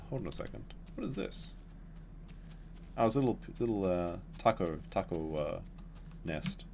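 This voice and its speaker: A man with a deep, darkish voice and a faint hiss or hum in the background streams a dinosaur game. He rambles casually and chattily to his chat as he plays, giving relaxed gameplay commentary.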